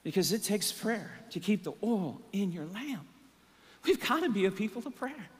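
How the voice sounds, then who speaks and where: A man's voice: high-pitched, very animated, normal speed, slightly rough, big-room sound. A male pastor preaching an impassioned sermon with emphatic repetition and rhetorical questions, his voice a little strained. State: voice strained, catching his breath. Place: church sanctuary.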